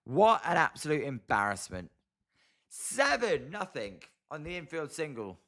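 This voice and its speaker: A man's voice: fairly high pitch, huge pitch swings, measured pace, fairly bright tone. A British man doing casual live-stream play-by-play of a ball game, exasperated and chatty as he answers viewers. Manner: exasperated, chatty, reads viewer comments aloud. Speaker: live-stream sports commentator. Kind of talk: casual play-by-play watch-along.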